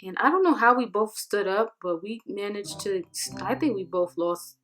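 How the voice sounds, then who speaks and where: A young woman vlogger telling a casual storytime with animated, slangy delivery, acting out what people said. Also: mid-range voice, normal speed, faint music behind. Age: young adult.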